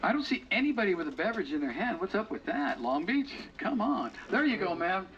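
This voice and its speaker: A man working as auctioneer at an outdoor boat auction, calling bids quickly and joking with the crowd. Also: high-pitched, very animated, fairly bright tone, slight background noise. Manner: rapid bid chant with playful crowd banter. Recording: distant, muffled, crowd around. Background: crowd chatter.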